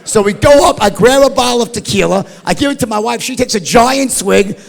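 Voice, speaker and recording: Profane high-pitched storytelling man. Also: a little fast, vocal fry. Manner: profane, rambling, says "right?" and "like" often. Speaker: storyteller guest. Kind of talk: animated anecdote telling. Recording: long hall reverb.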